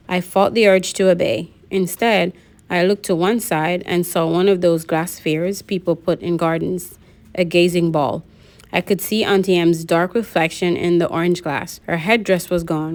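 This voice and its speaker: A woman reads a novel aloud in a steady first-person narration. Her voice sits a little low. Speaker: reader.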